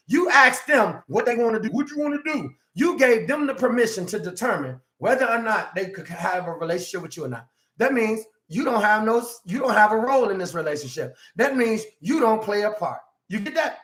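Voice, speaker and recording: A man preaching as a self-empowerment life coach, emphatic and swinging from quiet asides to shouts, acting out quoted people. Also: sits high. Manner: acts out quoted speakers in exaggerated voices. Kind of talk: preaching motivational talk.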